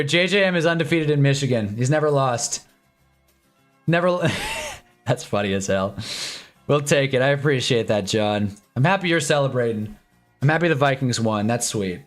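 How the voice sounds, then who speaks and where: A man's voice: on the high side, normal speed. Young male streamer, casual game-day chat, jumpy reactions, faint music underneath. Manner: excitable, swings from mumbling to shouting at plays. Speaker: live stream host. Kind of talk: casual live sports watch-along chat.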